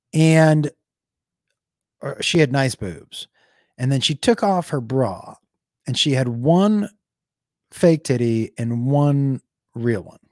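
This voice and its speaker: A young adult man, a comedian, telling a comic story with lively bursts into shouted voices. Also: a little high, no room sound, studio quality. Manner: animated, jumps into shouted impressions.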